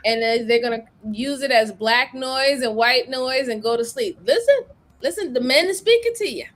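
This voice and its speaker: Animated woman hosting a livestream. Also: sits high, moderate pace. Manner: animated, laughs often, reads super chats aloud. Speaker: livestream host. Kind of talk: casual livestream chat.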